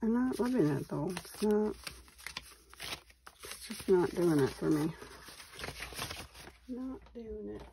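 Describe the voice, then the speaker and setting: Speaking slowly in a mid-range, gravelly, dark-toned voice, a woman in her forties from Wisconsin, USA, leads a casual papercraft tutorial. She's expressive and chatty, often pausing and muttering to herself as she works, over slight background noise.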